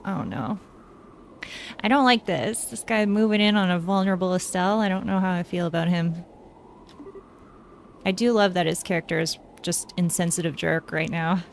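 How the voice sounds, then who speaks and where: Excitable woman reacting to a story game. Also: fairly low pitch, normal speed, gravelly, pauses often, a little hiss or hum. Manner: emotional, reacting aloud to the story; excitable and gushing. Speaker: gaming channel host. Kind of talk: casual let's-play commentary.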